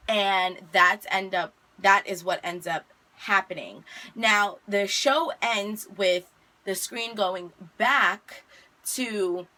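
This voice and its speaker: A young woman chatting casually as she recaps a TV episode, retelling scenes with lively asides and mild exasperation. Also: mid-range voice.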